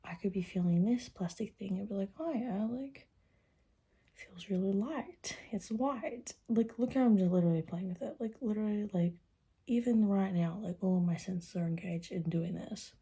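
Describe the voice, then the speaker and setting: A woman's voice: medium pitch, a little fast, mellow, husky. A young woman vlogging in casual, rambling chat, swearing freely and often dropping into a whisper. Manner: rambling and profane, drifts into whispers.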